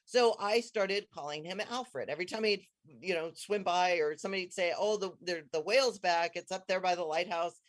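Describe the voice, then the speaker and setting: An enthusiastic, rambling storyteller with a voice of middle pitch. They chat casually, circle back through false starts and suddenly leap upward when reliving a thrilling moment. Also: moderate pace, few pauses. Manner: excitable, bursts into high squeals when quoting herself; rambling, many restarts and trailing phrases. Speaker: guest telling a personal story.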